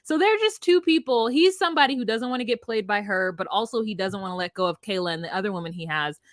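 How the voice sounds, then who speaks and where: A young woman co-hosting a casual recap chat, animated, acting out quotes in exaggerated voices. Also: mid-range voice, quick pace, no room sound, studio quality. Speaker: podcast co-host.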